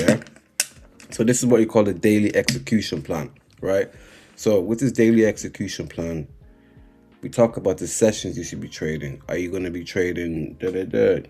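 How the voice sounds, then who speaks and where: A man giving a live-streamed trading lesson, speaking slowly and repeatedly checking in with his viewers. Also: sits low, dark tone. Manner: unhurried, repeating "right?" and "guys" to the chat. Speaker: trading instructor.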